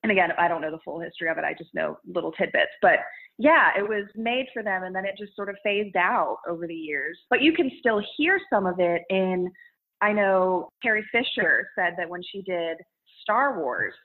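Young woman guest, lowish voice, chatty and giggly, phone-quality line. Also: expressive, moderate pace. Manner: chatty, laughs often, loose restarts. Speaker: guest, content creator. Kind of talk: casual interview chat. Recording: phone-like narrow sound.

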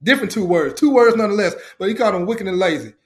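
A man with a fairly high voice tells a faith story as a podcast guest. He talks with excitement and emotion, circling back to the same phrases the way a preacher does. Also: very fast. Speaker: youth coach. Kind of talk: testimony-style storytelling.

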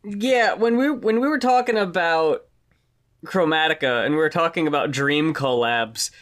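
A podcast co-host chatting casually about an album, relaxed and enthusiastic, swearing now and then. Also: mid-range voice, moderate pace. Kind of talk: casual music review chat.

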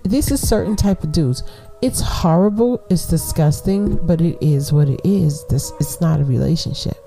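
A woman's voice: deep voice, normal speed, creaky, mellow, faint music behind. Slangy, laughing middle-aged woman podcaster. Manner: chatty, slangy, laughs often. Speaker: podcast host. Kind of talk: casual advice monologue.

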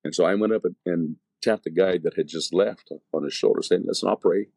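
A man's voice: deep voice, brisk, vocal fry, darkish tone, slightly rough, no echo. A man, an evangelist, telling his conversion testimony in casual, slangy talk full of fillers and restarts.

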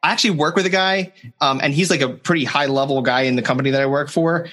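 A man hosting a casual chat, animated and profane, acting out what other people said. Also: on the high side, quick pace. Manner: animated, swears, acts out others' lines.

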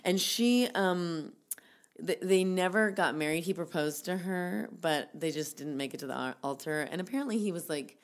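A woman with a lowish voice, speaking at a moderate pace, casually tells a story to her podcast co-host. She rambles, leaning on many fillers and frequently restarting.

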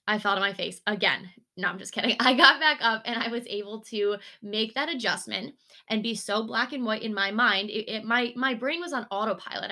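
A woman's voice: medium pitch, pushed and bright. A young woman hosting a podcast, telling a personal story in a candid, conversational way, with filler words and the odd swear. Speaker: podcast host. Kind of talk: casual storytelling monologue.

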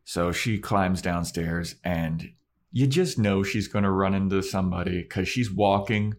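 Man, podcast host, casual recap, animated storyteller, lowish voice. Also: measured pace. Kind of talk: casual chat recapping a show.

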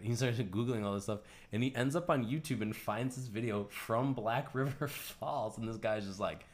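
A man co-hosting a podcast, telling a long story in a rambling, casual way, full of "like" and quick laughs. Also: lowish voice, animated. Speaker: podcast co-host.

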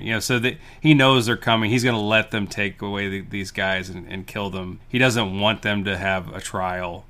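Low-ish bright guy on a movie podcast, animated, retelling scenes and laughing. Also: normal speed, hardly any pauses. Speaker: podcast co-host. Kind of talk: casual movie review chat.

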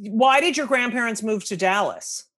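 A woman's voice: on the high side, expressive, moderate pace, fairly bright tone. Blunt, profane woman hosting a podcast. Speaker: podcast host. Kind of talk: casual interview chat.

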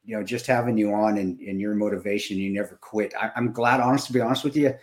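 Emotional fifty-something man, halting speech. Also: lowish voice, fairly even intonation. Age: 50s. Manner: emotional, halting, many restarts. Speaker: podcast co-host. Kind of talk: casual podcast chat.

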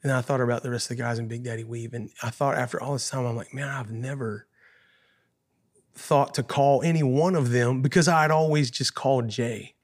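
Man, guest musician, heartfelt storytelling, earnest and emotional, mid-pitched voice. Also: steady tone, brisk. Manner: earnest, emotional, repeats phrases and says "man" often.

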